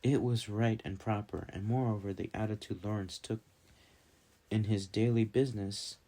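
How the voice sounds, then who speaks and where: A man narrating a fantasy novel as an audiobook, reading calmly and steadily. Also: on the low side, normal speed.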